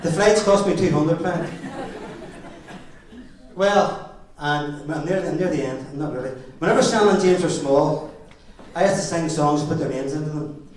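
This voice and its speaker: A man's voice: on the high side, moderate pace. A middle-aged man with a Northern Irish accent giving a father-of-the-bride wedding speech, telling jokey stories with chuckles. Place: wedding reception hall. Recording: very echoey hall, far from the mic.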